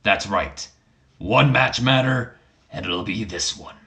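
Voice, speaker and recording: A smug older boss with a low voice, taunting his rival in slow, deliberate lines, as a man puts him on for a wrestling game playthrough. He sounds like he has a plan and loves laying it out bit by bit. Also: bright, forceful tone, heavily acted. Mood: scheming. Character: scheming older male company boss, smug.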